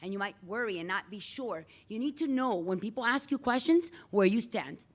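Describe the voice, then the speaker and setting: A middle-aged woman teacher giving a chatty, animated lecture in a classroom and calling on students by name. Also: mid-range voice, normal speed.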